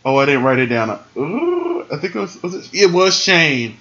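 Sassy, animated man recapping wrestling. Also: moderate pace, highs cut off. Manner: sassy, animated, laughs often, sudden high squeals. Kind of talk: casual recap commentary.

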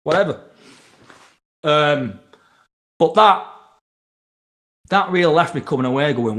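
A man's voice: a little high, unhurried, pauses often. A man, a podcast guest telling a long story in casual chat, rambling and swearing freely as he acts out the quotes.

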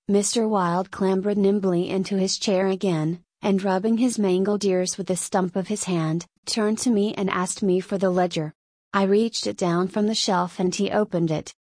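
A woman's voice: medium pitch, a little mellow, no echo. Woman narrating an audiobook, dry close sound. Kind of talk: audiobook reading.

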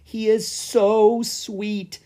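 A man voicing a cheerful young girl who talks in a high, sweet and eager way in a storybook reading. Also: very animated, a little slow, warm tone, slightly rough, heavily acted.

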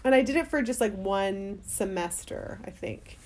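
A woman's voice: mid-range voice, lively intonation, normal speed, darkish tone. A young woman co-hosting a podcast, telling a story in casual chat with lots of fillers. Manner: rambling, many fillers. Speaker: podcast co-host.

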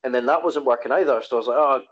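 A man's voice: medium pitch, rapid-fire, slightly rough. A man chatting casually, telling stories wryly with hesitant restarts. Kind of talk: casual chat. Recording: dull lo-fi sound.

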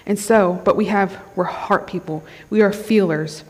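A woman's voice: medium pitch, a little slow, darkish tone. A woman giving a conversational sermon at a conference, often checking in with the crowd. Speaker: conference speaker. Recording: long hall reverb.

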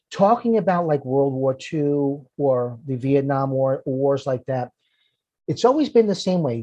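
A man's voice: a little high, warm tone, no echo, lo-fi sound. A man, a firefighter and podcast guest, telling emotional personal stories earnestly, often repeating words when moved.

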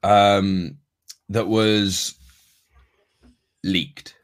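Low-voiced man chatting football. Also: fairly even intonation, very slow. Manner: rambling, many ums and restarts. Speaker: podcast co-host. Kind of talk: casual sports chat.

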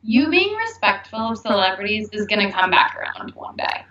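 A woman's voice: mid-range voice, sing-song, a little fast, bright, forceful tone, highs cut off. A woman co-host in casual chat, chiming in with brief, supportive remarks.

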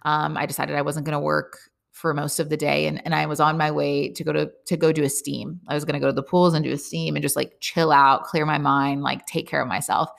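A woman's voice: sits low, flat delivery, brisk, vocal fry. A young woman hosting a podcast, talking candidly in a casual, rambling way, full of fillers and swearing. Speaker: podcast host. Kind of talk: casual personal monologue. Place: lives abroad, talking to listeners.

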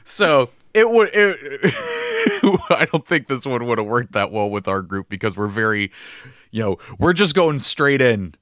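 A man's voice: medium pitch, huge pitch swings, a little slow, fairly bright tone, no room sound, studio quality. A young man co-hosting a casual podcast chat about tabletop games, laughing often and restarting sentences. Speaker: podcast co-host.

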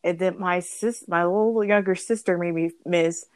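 Lower-voiced young woman, bubbly and rambling. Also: fairly even intonation, normal speed, no echo. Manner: bubbly, rambling, self-correcting, giggly. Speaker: guest storyteller. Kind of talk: casual storytelling.

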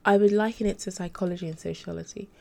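A woman's voice: medium pitch, fairly even intonation, fast talker, vocal fry, dark tone, natural voice. A woman reading the part of a troubled young female angel tutor in a formal, hesitant, restrained way. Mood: earnest.

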